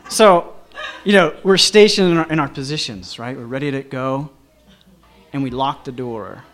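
A man telling a personal anecdote in a lively, chuckling way, with lots of fillers. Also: mid-range voice, moderate pace. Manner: animated, chuckling, many fillers like "you know".

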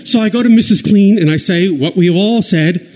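High-voiced rambling stand-up man. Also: a little mellow, low-quality recording. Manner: rambling, self-deprecating, halting restarts. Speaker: comedian. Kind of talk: stand-up storytelling.

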